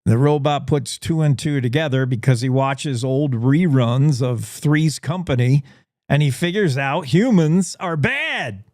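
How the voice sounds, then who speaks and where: A man's voice: fairly high pitch, a little mellow, dry recording, studio quality. A man hosting a radio morning show, playfully spinning speculative stories. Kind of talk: talk radio monologue.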